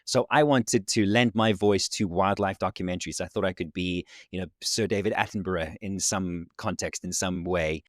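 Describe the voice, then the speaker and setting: A South African man with a slight American Southern twang, a podcast guest telling his story in a relaxed, reflective way over a video call. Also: low voice, normal speed, hardly any pauses, dry recording, clean studio sound. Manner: reflective storyteller, warm thanks, laughs often. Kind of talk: casual interview chat.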